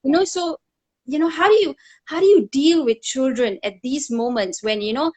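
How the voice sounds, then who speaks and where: A middle-aged woman hosting a conversational interview over a video call, telling stories in an animated way and laughing often. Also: sits high, moderate pace. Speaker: talk show host.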